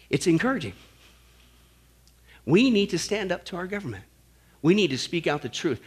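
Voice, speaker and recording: A male pastor preaching a fiery sermon, swinging from loud declarations to low, quiet warnings. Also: breathy edge. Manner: impassioned, rises to shouting then drops low.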